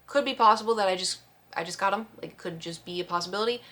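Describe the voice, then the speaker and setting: A woman vlogger telling a story in casual chat, expressive and acting out the quotes. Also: mid-range voice, rapid-fire. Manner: chatty, expressive storyteller who acts out quotes.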